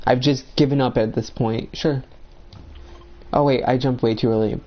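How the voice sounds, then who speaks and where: A man's voice: medium pitch, fairly even intonation, normal speed, lo-fi sound. A young man ranting bluntly about friends while playing a video game, swearing a lot in a heated, agitated way.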